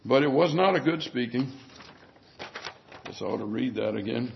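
A male preacher delivering an emphatic sermon, often dropping to hushed tones. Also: medium pitch, lively intonation, moderate pace, creaky, pauses often. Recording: dull lo-fi sermon recording.

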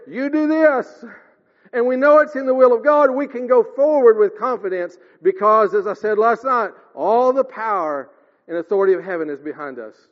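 A man preaching a sermon in an earnest way, often calling his listeners dear ones and swinging his voice up and down. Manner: earnest, addresses listeners as dear ones, rises and drops in pitch. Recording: lo-fi with long hall reverb.

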